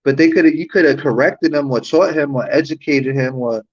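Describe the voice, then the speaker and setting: Heated and foul-mouthed, the man running this livestream keeps asking rhetorical questions in his rant. His pitch is a little high and his delivery a little fast, heard through dull lo-fi audio.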